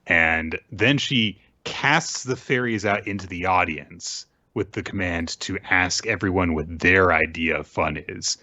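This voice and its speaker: A man co-hosting a casual manga recap podcast, slipping into silly high voices when he quotes characters. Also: a little slow, hardly any pauses, sharp tone, no echo, highs cut off. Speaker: podcast co-host.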